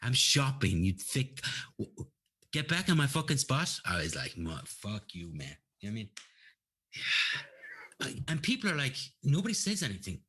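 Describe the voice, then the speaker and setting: Sweary man, husky voice. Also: on the low side, very animated, moderate pace, bright, forceful tone. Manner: profane, ranting storyteller. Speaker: guest. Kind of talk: casual chat.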